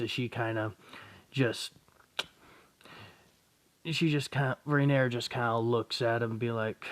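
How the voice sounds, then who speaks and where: Young male storyteller, slow and meandering, casual and profane, mid-range voice. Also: medium pitch, animated. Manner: rambling, profane, self-correcting. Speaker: fan-story narrator. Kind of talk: casual spoken story retelling.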